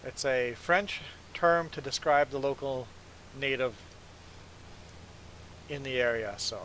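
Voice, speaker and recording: A man's voice: mid-range voice, slow, pushed and bright, slight background noise, low-quality recording. A man whose first language is not English, streaming a farming game and chatting casually and rambling to viewers. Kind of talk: casual chat while gaming.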